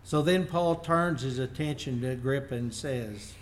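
A man's voice: mid-range voice, normal speed, a little hiss or hum. A man preaching a sermon, reading Bible verses aloud and then explaining them in plain words. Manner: unpolished, working slides as he goes.

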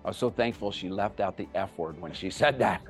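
A middle-aged man giving a talk to an audience, telling a personal story with animated, self-deprecating humor. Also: deep voice, normal speed, faint music behind. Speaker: guest speaker.

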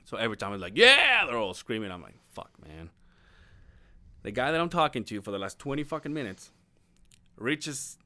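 A man on a podcast, spinning an embarrassing story in a loose, foul-mouthed way, his pitch bouncing up and down. The sound is dry and close, with no room around him. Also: quick pace, no room sound. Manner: animated storyteller, swears a lot, laughs mid-story. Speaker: podcast co-host. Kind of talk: casual storytelling chat.

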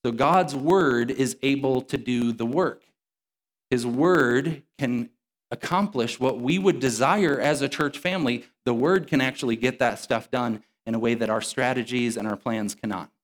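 A male pastor delivering a sermon in a church. He speaks conversationally and explains each point step by step, sometimes restarting a phrase mid-thought. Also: medium pitch. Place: church sanctuary.

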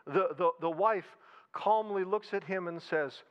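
A man's voice: high voice, lively intonation, a little slow, a bit bright. A man preaching a sermon in a conversational style, repeating phrases and slipping in humor. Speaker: pastor.

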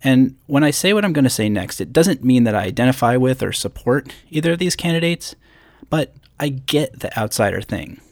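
A man's voice: medium pitch, very animated, brisk, no echo, studio quality. A man in his thirties from upstate New York, hosting a solo podcast from a hotel room on a podcast microphone with a pop screen, talking in a conversational way with self-deprecating asides. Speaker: podcast host.

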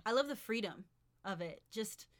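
A woman's voice: mid-range voice, expressive, moderate pace. A young woman from Oklahoma who grew up moving between bases, co-hosting a casual podcast chat, bubbly and teasing, laughing often. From Oklahoma, grew up in military bases. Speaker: podcast co-host.

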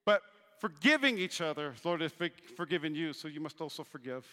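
A young man preaching a sermon, telling a story with animated swings from hushed lines to shouts. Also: fairly high pitch, fairly quick. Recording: reverberant hall.

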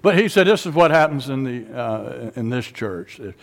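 A man's voice: mid-range voice, lively intonation, normal speed, vocal fry. A man preaching a sermon, building up to rising, repeated call-and-response lines in a nearly empty sanctuary. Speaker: pastor. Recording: long hall reverb.

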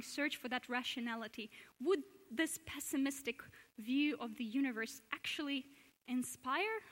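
A woman giving an earnest public lecture at a church, asking questions and often restarting her sentences. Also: sits high. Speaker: speaker giving a talk at a church. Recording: long hall reverb.

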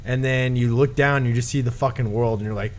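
A man's voice: mid-range voice, quick pace, slight background noise. A man hosting a podcast, telling a story in casual chat, swearing freely. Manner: profane, animated storyteller. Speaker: podcast host. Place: room with a dryer running nearby.

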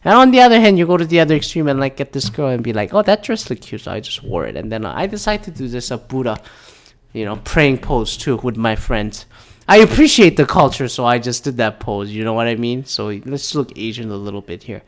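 Young male vlogger, mid-range voice, casual sweary rant, loud then mumbling. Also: mid-range voice, a little fast. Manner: profane, animated ranting with sudden loud bursts and mumbled asides. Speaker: vlogger reacting to news. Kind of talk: casual ranting commentary.

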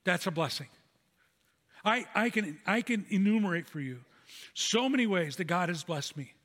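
A man's voice: sits high, expressive, normal speed, a bit bright. A man preaching a sermon as pastor, earnest and telling stories, repeating key phrases for emphasis. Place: church sanctuary. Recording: long hall reverb.

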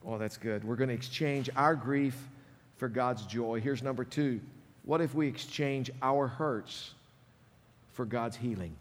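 A man preaching a sermon as pastor, animated, swinging between loud, emphatic lines and hushed ones. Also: medium pitch, moderate pace. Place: church sanctuary. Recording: long reverb of a large hall.

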